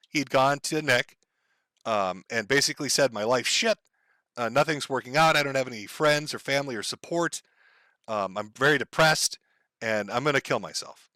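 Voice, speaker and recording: A man explains the background of a clip in a casual, matter-of-fact way. His voice sits a little high and bright, and the sound is close and dry. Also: dry recording. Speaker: commentary host.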